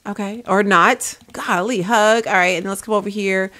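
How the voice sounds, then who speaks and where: A woman's voice: medium pitch, steady tone, moderate pace, a bit bright. Chatty woman narrating her gameplay. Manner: chatty, coaxes and scolds her game characters, says "y'all". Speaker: gaming video creator. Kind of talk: casual gameplay commentary.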